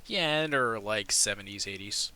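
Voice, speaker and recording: A man's voice: fairly low pitch, animated, normal speed, bright, forceful tone, clear, resonant tone. A man narrating as game master in a tabletop game, rambling, with lots of filler words and swearing.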